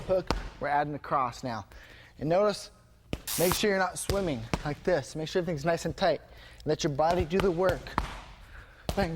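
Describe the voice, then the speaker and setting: A man teaching striking combinations as a martial arts instructor, demonstrating energetically and marking each punch with a sharp "bang". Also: fairly high pitch. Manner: energetic, punctuates moves with "bang". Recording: noisy gym recording.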